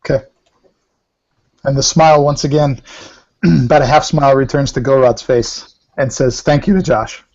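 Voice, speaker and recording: A man's voice: medium pitch, steady tone, moderate pace, long pauses, a little mellow. A man playing a tabletop game, hesitantly narrating his character's actions. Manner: hesitant, many fillers and restarts. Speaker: player. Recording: muffled lo-fi recording.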